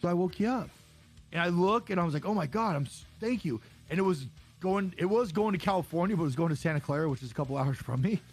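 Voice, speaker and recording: Talking quickly with lively intonation, this man has a husky, slightly mellow voice, and faint music plays behind him. He's a co-host on a podcast, casually chatting, cursing often, and voicing quoted people in a higher pitch as he tells stories.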